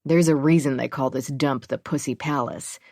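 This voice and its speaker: A woman's voice: rumbling low, steady tone, normal speed, warm tone, dry recording, studio quality. A woman narrator voicing a determined mother who speaks bluntly and insistently. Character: determined mother searching for her daughter.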